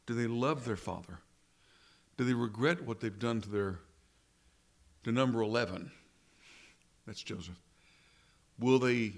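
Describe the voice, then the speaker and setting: A pastor giving a conversational sermon, asking his listeners rhetorical questions and slowing down to stress key words. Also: on the low side, gravelly.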